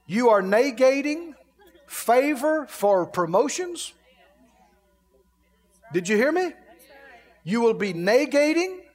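Male preacher, high voice, animated sermon delivery with comic mimicry, long reverb. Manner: animated, mimics grumbling people.

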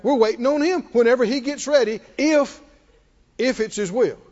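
A man's voice: very high voice, normal speed, a little mellow. Male preacher, call-and-response sermon, long reverb of a hall. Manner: call-and-response preaching, rising and falling in volume. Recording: dull sound in a large reverberant hall.

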